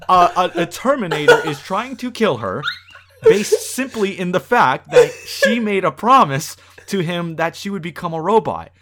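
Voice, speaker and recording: A man picks apart a film in a loose, casual chat. His pitch swings widely, and he often breaks into exaggerated acted-out quotes. His voice sits a little higher than most men's. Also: moderate pace. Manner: animated, exasperated, acts out quotes. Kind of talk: casual movie review chat.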